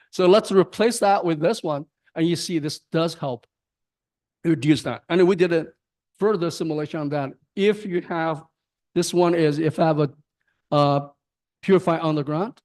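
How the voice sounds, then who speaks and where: A man giving an academic lecture on his research, speaking haltingly with restarts and frequent tag questions. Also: a little high, darkish tone. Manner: halting, repeats words, frequent "right?". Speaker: guest lecturer.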